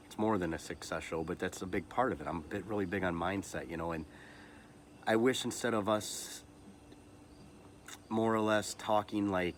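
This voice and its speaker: Deep voiced guy in his 30s hosting a podcast, emotional, keeps restarting his sentences, faint hiss behind. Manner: halting, repeats words and restarts often; earnest and emotional, motivational asides. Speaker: podcast host. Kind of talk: personal heartfelt monologue.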